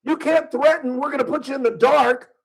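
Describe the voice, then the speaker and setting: A man's voice: very high voice, fairly even intonation, brisk, creaky, low-quality recording. A male talk radio host speaking from a studio, delivering a combative opinion monologue full of rhetorical questions. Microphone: studio microphone.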